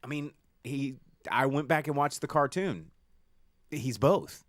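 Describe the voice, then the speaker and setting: A man co-hosting a casual movie-review podcast, rambling and animated, acting out lines in silly voices. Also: mid-range voice, unhurried, no echo, studio quality. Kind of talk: casual chat. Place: studio.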